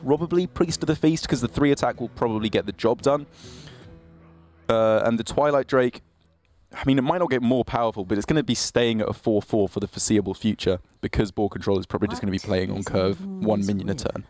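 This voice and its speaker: A man's voice: fairly low pitch, a little fast, a little mellow, faint music behind. A man giving analytical live commentary on a card game tournament, laughing easily between plays. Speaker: esports caster.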